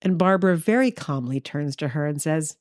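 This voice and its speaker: A middle-aged woman from New York, co-hosting a podcast and telling anecdotes in a casual, animated way, acting out the lines of the people in her stories. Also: brisk, dry recording, studio quality. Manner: lively anecdotal, acts out quotes with big pitch jumps. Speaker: podcast co-host. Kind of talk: casual storytelling chat.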